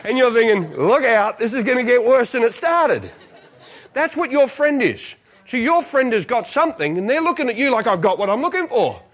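A man, a visiting preacher telling funny stories in a sermon. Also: extremely high pitch. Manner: animated, jokey storytelling. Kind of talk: storytelling sermon. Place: church.

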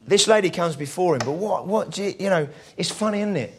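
A man's voice: high voice, lively intonation, quick pace, slight background noise. A man preaching a sermon in a conversational, storytelling way, acting out the people in his stories. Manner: conversational storytelling, acts out quoted voices.

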